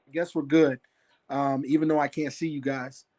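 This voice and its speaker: A man's voice: fairly high pitch, flat delivery, normal speed, a little mellow. A man on a call telling a long personal story in a rambling way, with many fillers and restarts. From Phoenix area. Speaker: caller sharing a sighting. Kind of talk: casual storytelling. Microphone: phone on a call.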